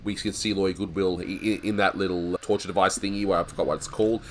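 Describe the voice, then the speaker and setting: Man, casual cartoon review talk, deep voice, chuckles often, slight background noise. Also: steady tone, fast, a bit bright. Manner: chatty, laughs often, restarts. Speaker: host of a cartoon review show.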